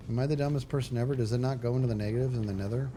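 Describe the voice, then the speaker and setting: A man's voice: medium pitch, fairly even intonation, very fast, dark tone, slight background noise. A man streaming a game live, chatting in a rambling, self-mocking way as he thinks aloud. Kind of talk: live gaming stream chat.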